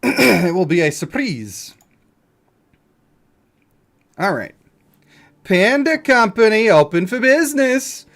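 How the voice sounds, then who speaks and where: A game streamer commentating live, reading game text and going off on animated, rambling comic rants. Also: mid-range voice, slow, long pauses.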